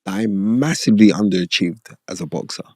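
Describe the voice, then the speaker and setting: A middle-aged man, a former boxer hosting a podcast, telling stories from his life in an animated, candid way and often asking "you know what I mean?". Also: sits low, fairly quick, husky, no room sound, clean studio sound. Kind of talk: candid conversational storytelling.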